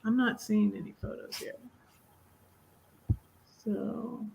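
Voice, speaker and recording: A woman hosting a casual livestream chat, musing aloud in an unhurried way as she looks for things. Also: on the high side, steady tone, gravelly, darkish tone, a little hiss or hum, rough recording. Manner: unhurried, musing aloud while searching files. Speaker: host.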